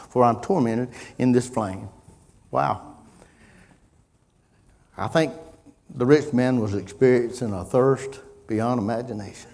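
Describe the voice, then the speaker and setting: A middle-aged man preaching a sermon, folksy in tone, moving from quiet musing to loud impassioned preaching. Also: mid-range voice, in a large hall. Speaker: pastor.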